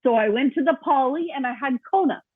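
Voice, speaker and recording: A woman's voice: high-pitched, fast, husky, no room sound. Chatty woman on a tinny line. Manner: chatty, laughs often, acts out quoted voices. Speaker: podcast co-host. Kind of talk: casual chat. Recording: tinny phone-like remote line.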